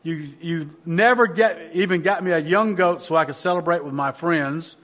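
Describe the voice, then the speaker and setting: A man's voice: fairly high pitch, normal speed, fairly bright tone, natural voice. A man preacher voicing the resentful older brother from a parable, with a bitter, complaining delivery. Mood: indignant.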